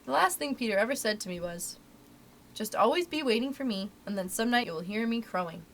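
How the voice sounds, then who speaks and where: Woman voicing a gentle wistful mother, soft, tender, storybook reading, high-ish voice. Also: expressive, fairly quick, slight background noise.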